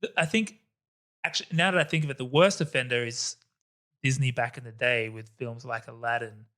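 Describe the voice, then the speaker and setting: A man guesting on a podcast, chatting casually about films in an animated, opinionated way and laughing often. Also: medium pitch, brisk. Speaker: podcast guest, co-host of another podcast. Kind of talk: casual film chat.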